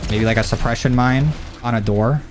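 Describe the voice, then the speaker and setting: Faint music sits behind this medium-pitched man, who speaks at a normal speed while streaming a shooter game at home. Using a desk mic fed through a mixer, he thinks out loud, rambling and cursing freely over the faint gunfire of the game.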